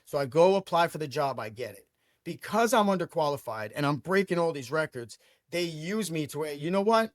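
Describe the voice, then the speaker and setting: A middle-aged man from Brooklyn, telling his life story as an interview guest with emphatic, energetic delivery and frequent repeated words. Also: on the high side, brisk, no room sound, studio quality. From Brooklyn, New York. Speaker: franchise owner guest.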